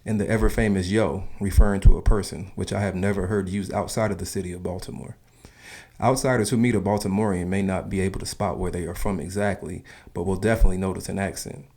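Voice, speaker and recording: A man with a notably low, deep voice narrates an explainer video. His delivery is casual and opinionated, like someone sharing his own views while reading a script. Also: fairly even intonation, quick pace, a little mellow. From Southern United States.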